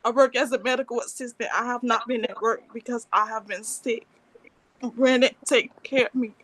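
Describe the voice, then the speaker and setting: A woman's voice: on the high side, fairly even intonation, normal speed, a bit bright, no room sound. Young woman pleading emotionally, dry sound. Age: 20s. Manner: emotional, pleading, run-on sentences. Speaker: alleged victim addressing a bond hearing. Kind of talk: unscripted plea in court.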